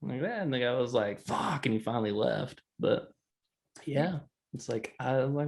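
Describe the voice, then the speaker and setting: A man's voice: medium pitch, animated, normal speed, creaky, darkish tone. A man, co-hosting a casual chat and rambling through a story, laughing often. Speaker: podcast co-host.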